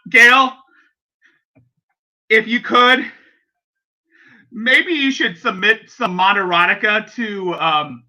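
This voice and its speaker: A man's voice: high-pitched, sharp tone. A man hosting a reaction video, rambling in casual commentary and often breaking off mid-sentence with exclamations.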